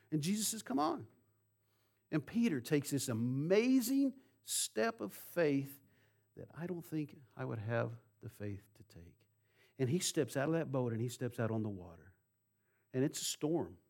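Animated preacher man telling a story. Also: on the high side. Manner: animated storytelling with asides and humor. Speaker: pastor. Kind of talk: sermon.

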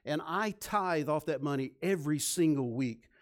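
A man voicing a calm, wealthy castaway who feels blessed and unworried, in a sermon joke. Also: on the high side, moderate pace, close to an everyday voice. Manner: relaxed, unbothered.

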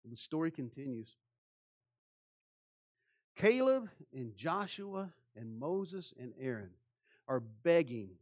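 A man preaching a sermon with passion, asking rhetorical questions and swinging between soft, hushed phrases and loud ones. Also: mid-range voice, sing-song, slow, long pauses. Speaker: pastor.

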